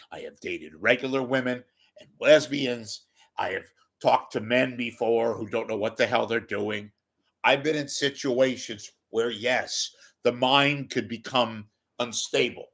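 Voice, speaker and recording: A man's voice: medium pitch, measured pace, fairly bright tone. A man giving a rambling, self-mocking comedic monologue to his viewers, often swearing. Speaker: YouTube commentator.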